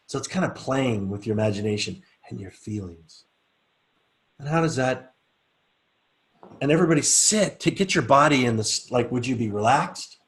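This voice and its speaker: A middle-aged man leads a live class. His voice sits at an ordinary pitch. He shifts from easy chat into a slow, soft, coaxing guided relaxation. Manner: relaxed, coaxing, speaks slowly and softly when guiding. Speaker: teacher leading a group session.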